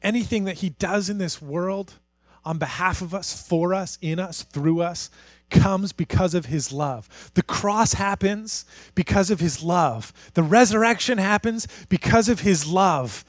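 High-voiced man preaching a sermon. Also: measured pace, no room sound. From Canada. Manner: builds from hushed to fired-up preaching. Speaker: pastor.

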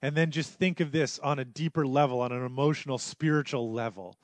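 A man preaching a sermon, moving between hushed, low passages and loud, raised emphasis. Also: steady tone, fairly quick, no room sound. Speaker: pastor.

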